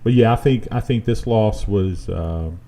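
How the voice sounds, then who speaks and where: A man's voice: on the low side, unhurried, slight background noise. A man co-hosting a casual sports talk show in a studio, ranting and joking about college football. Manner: ranting, animated, jokey.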